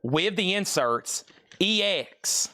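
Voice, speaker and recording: A man hosting a live-stream record auction, rattling off prices and bids in quick, playful sales patter. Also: sits high, animated, pushed and bright.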